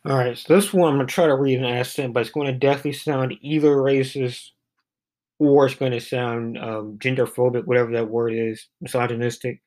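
A man's voice: mid-range voice, steady tone, a little fast, darkish tone. A man giving a casual, rambling commentary on poems, full of fillers and restarts. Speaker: poetry reading vlogger.

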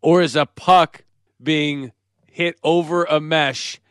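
Podcast guy setting up clips, slightly high voice, dry close mic. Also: slow pace, smooth, no room sound. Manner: animated storytelling, setting up clips. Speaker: podcast co-host. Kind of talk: casual chat.

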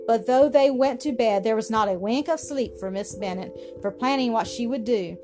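Lady reading a bedtime story, kinda high voice, music playing under it. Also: moderate pace. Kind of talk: scripted narration of a classic story.

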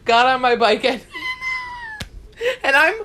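A young woman in casual chat, telling a story in an animated way and laughing often. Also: high voice, slow pace, slight background noise.

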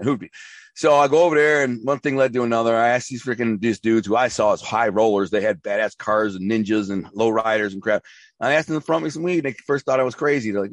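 A man with a lowish voice, recorded without echo, is being interviewed as a guest. He tells his life story in a rambling, emphatic way, using slang and often restarting his sentences.

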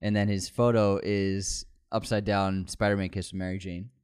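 A man's voice: deep voice, level tone, moderate pace, a little mellow, clear, resonant tone. A man co-hosting a podcast in casual chat, joking and swearing casually as he reads out listeners' favorite films. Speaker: podcast co-host.

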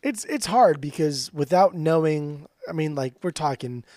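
A man co-hosting a podcast in casual, profane chat, animated and laughing often. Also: a little high, moderate pace, no echo, studio quality. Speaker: podcast co-host.

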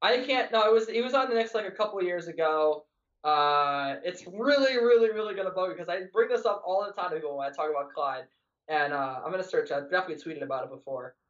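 A man with a high voice chats excitably as a podcast guest. He rambles, restarts and trails off mid-thought. The sound is dull and lo-fi. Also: quick pace. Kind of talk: casual podcast chat.

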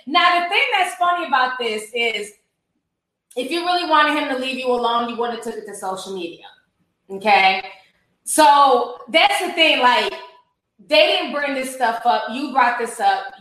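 A woman doing casual commentary on a viral clip, animated, gossipy and laughing, with plenty of profanity. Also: a little high, very echoey, poor audio. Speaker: commentary vlogger.

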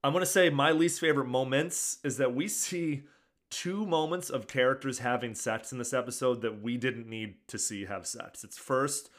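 Man, podcast host, casual chat, opinionated, mid pitch. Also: moderate pace, a bit bright. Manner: chatty, opinionated.

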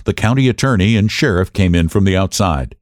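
A man narrating a short story as an audiobook in a measured, expressive way. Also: low-pitched, no room sound, clean studio sound.

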